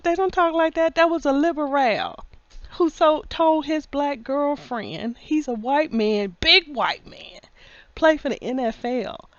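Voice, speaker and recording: A woman talks slowly and deliberately, her voice pitched a little high and folksy, calling the listener honey and baby. The sound is dry and close but somewhat dull, as if from a modest mic. She laughs often and gets loud when she is worked up. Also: clear, resonant tone, dry recording. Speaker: vlogger. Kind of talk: casual opinion monologue to camera.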